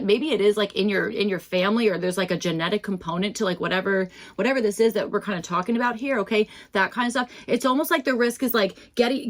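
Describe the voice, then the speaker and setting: Chatty rambling woman reading tarot. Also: medium pitch. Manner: rambling, many fillers and restarts; chatty and self-deprecating. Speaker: tarot reader. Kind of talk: casual tarot reading to camera.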